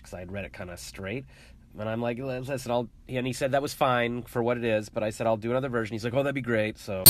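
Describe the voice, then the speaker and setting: A man's voice: medium pitch, sharp tone. A man vlogging casually from his home, rambling and joking in a self-deprecating way. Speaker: vlogger and voice actor. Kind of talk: casual vlog.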